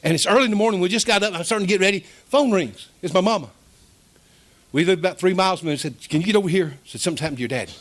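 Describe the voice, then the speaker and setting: A man's voice: high voice, very fast, fairly bright tone. A middle-aged man, preaching a folksy, emotional storytelling sermon as pastor.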